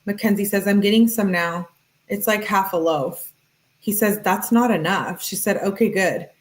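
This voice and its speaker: Brisk woman reading texts aloud. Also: medium pitch. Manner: brisk, matter-of-fact reading, tagging each message with he says or she says; talks directly to viewers in chat. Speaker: true-crime commentator. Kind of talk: reading text messages aloud with commentary.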